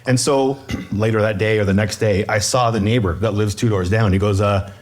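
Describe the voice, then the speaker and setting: A man co-hosting a podcast, telling a story with lively, animated delivery and quick quoted voices. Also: fairly low pitch. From Canada. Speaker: podcast co-host. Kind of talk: casual chat, storytelling.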